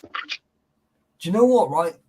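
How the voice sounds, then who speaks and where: A man's voice: high voice, animated, slow. A man chatting casually on a livestream, reading out chat names, swearing a lot and laughing. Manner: swears a lot, laughs, calls everyone mate. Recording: clear background noise.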